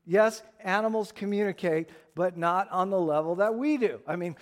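A middle-aged man preaching a sermon as pastor, animated and playful, acting out little scenes for humor. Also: high-pitched, moderate pace. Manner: animated storyteller, acts out voices for humor.

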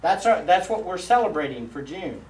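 A man, a pastor, preaching a sermon in a church sanctuary, emphatic and swinging between loud and hushed delivery. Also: high-pitched, animated, moderate pace. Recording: roomy echo, mic at a distance.

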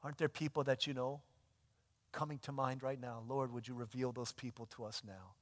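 Male pastor, sermon delivery, animated storyteller, reverberant sanctuary. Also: medium pitch, fairly quick. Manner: animated storytelling with shifts between loud and hushed. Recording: long hall reverb.

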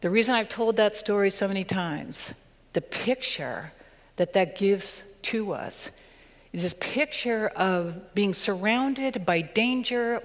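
A woman pastor reading scripture and preaching a sermon in a measured, earnest way, slowing down for emphasis. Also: mid-range voice, big-room sound.

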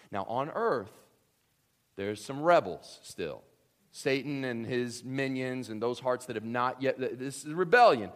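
A man preaching a sermon, animated and humorous, swinging between loud excited bursts and hushed, quiet emphasis. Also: medium pitch. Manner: humorous storytelling asides. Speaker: pastor.

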